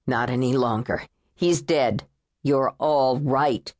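A woman voicing a calm, reassuring male agent. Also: extremely low pitch, moderate pace, no room sound, pitched below the performer's own voice. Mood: soothing. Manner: soothing, even and dry-humored. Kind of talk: audiobook character voice.

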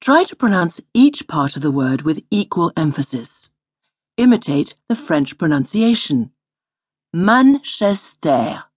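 A woman instructor reading a scripted audio language lesson in a studio, slowly modelling each word to repeat. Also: sits low, sing-song, darkish tone, slightly rough, no echo. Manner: patient, slow model pronunciation.

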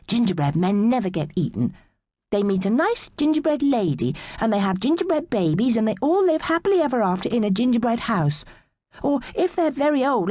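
A woman's voice: medium pitch, a little mellow, no echo. A woman narrating a children's audiobook in a young girl's first-person voice, playful and wide-eyed.

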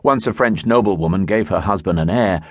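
A man narrating a historical romance audiobook in a measured storytelling voice, recorded in a studio. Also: deep voice, no echo. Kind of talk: scripted narration. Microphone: studio mic.

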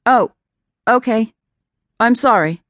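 A man's voice: extremely high pitch, slow, fairly bright tone, no room sound, clean studio sound, exaggerated voice. A woman narrator voicing a polite, confused young man who grows angry on the phone. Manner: confused, polite at first, then hostile.

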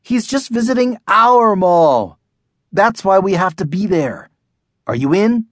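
An excited young schoolboy in a children's storybook who talks loudly and eagerly, as a man narrator puts him on. His high voice swings up and down. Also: a little slow, no room sound, studio quality, heavily acted. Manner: excited, shouting.

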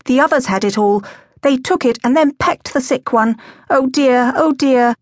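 A woman narrator voices a gloomy, fretful boy who speaks solemnly, pitching her voice high, above her own natural range, at a moderate pace. The recording is dry, with clean studio sound.

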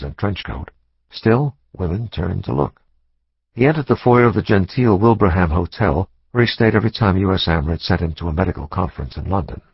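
A man narrating a thriller audiobook in a measured, dramatic reading style. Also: low-pitched, vocal fry, breathy edge, dry recording, dull audio. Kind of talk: scripted narration.

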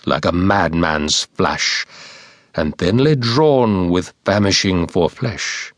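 Man reading poems for an audiobook, low-ish voice, really slow and solemn, dry studio sound. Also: dry recording. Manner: slow, measured, solemn recitation. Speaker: audiobook narrator. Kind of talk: scripted poetry reading.

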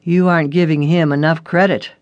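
A narrator voicing a stern male police detective in an audiobook story, reading his lines in a measured, serious way. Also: mid-range voice, fairly even intonation, dry recording, muffled recording, natural voice. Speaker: detective character.

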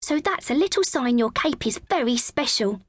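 A woman voicing an imaginative, excited schoolgirl friend in a children's audiobook. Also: a little high, moderate pace, no room sound, voice pushed up.

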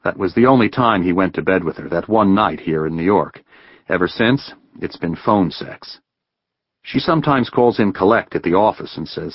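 A man reading a novel aloud in a measured, even way as an audiobook narrator. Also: low voice, slightly rough, no echo, dull audio. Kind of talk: scripted narration.

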